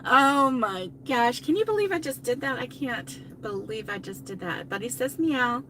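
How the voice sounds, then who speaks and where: A woman's voice: fairly high pitch, expressive, normal speed, bright, forceful tone, a little hiss or hum. An older woman chatting casually from inside her car on a live stream, rambling, laughing often and reading out viewer comments. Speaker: crochet channel host.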